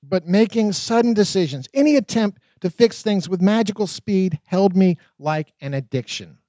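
Man narrating own memoir, high voice, expressive, dry, dull lo-fi sound. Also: dry recording. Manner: expressive, dramatic reading with quick asides.

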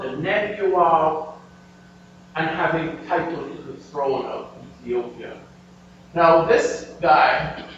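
Man lecturer, high voice, slow and emphatic, distant echoey lo-fi hall recording. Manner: animated, emphatic, addresses audience. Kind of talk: history lecture with slides. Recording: echoey, distant, dull lo-fi room recording with faint hum.

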